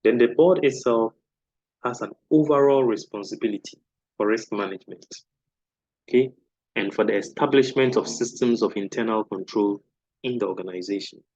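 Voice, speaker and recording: A man lecturing on a course topic in an explanatory way, often checking in with a quick "okay?". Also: lowish voice, a little mellow, no room sound, muffled recording. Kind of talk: recorded lecture.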